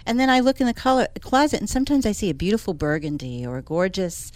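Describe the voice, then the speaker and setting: A woman's voice: mid-range voice, big pitch swings, fast talker, a little mellow, no echo. A woman who works as an interior designer, chatting casually and with enthusiasm as a regular on a talk show. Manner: chatty, enthusiastic, laughs often. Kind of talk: casual radio chat.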